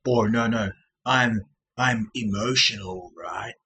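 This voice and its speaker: A man ranting at his commenters in a mocking, sarcastic tone, breaking into shrill manic laughter. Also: slow, pushed and bright, slight background noise, rough recording. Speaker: channel host.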